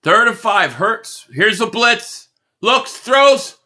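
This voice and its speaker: A man from around Philadelphia reacts live to a football game on stream, calling plays with fan excitement and reading off donated super chats. He talks slowly, his voice sitting high.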